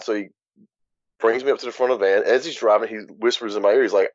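Speaking quickly in a lowish, steady voice with a darkish tone, a male author from Louisiana gives a blunt, frank account of his story as an interview guest. The candid interview is recorded dull, lo-fi, and dry, with no echo.

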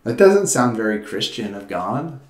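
A man's voice: lowish voice, very animated, moderate pace. Guy pastor preaching, talks plain and earnest, stumbles and restarts a lot, roomy echo around him. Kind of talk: sermon.

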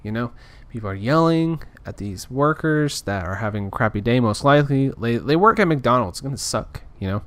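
A man's voice: mid-range voice, animated, brisk, hardly any pauses, no room sound. Frustrated rambling man, dry sound. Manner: frustrated, rambling with many restarts. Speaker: podcaster. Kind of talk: casual ranting monologue.

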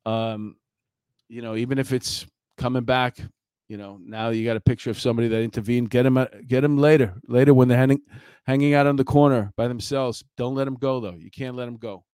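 A man's voice: mid-range voice, steady tone, a little fast, a little mellow, smooth, no echo. A middle-aged man, a former police officer telling a story in a blunt, rambling way with many fillers. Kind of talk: casual storytelling commentary.

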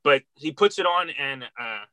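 A man's voice: a little high, expressive, moderate pace, bright, forceful tone, smooth, dry recording. A middle-aged man from Philadelphia, a record store worker, tells stories in a rambling, heartfelt way with many restarts. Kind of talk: casual interview storytelling.

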